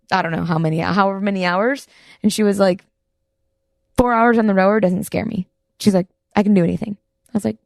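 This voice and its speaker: Easygoing young woman with a gravelly edge. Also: medium pitch, no room sound, clean studio sound. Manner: easygoing, laughs often, hesitant fillers. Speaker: guest athlete. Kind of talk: casual chat.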